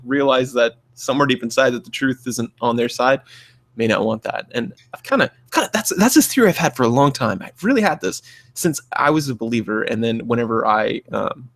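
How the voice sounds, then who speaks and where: A man co-hosting a casual podcast, talking at a middling pitch. He rambles through plenty of fillers and restarts. When he quotes other people he jumps his voice up to act them out. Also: fairly bright tone. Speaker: podcast co-host; clinician. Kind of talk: casual chat.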